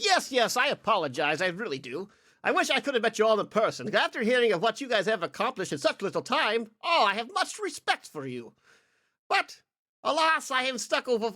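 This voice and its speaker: A man's voice: very high voice, sharp tone, pitched above the performer's own voice, heavily acted. A man voicing a pompous, well-groomed noble who speaks fussily, formally and apologetically. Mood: gracious. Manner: fussy, apologetic and overly formal.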